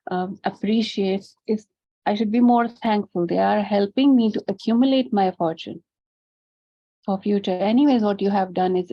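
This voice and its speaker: A woman's voice: mid-range voice, vocal fry. Female spiritual teacher, mid-range voice, questioning her class, captured on a slightly muffled recording. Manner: poses rhetorical questions, acts out students' sweet pleas.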